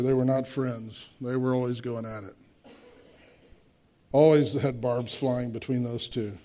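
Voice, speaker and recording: A man's voice: medium pitch, a little mellow. A man in his sixties preaching a sermon, emphatic, with rhetorical questions and direct asides to the congregation. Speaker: pastor.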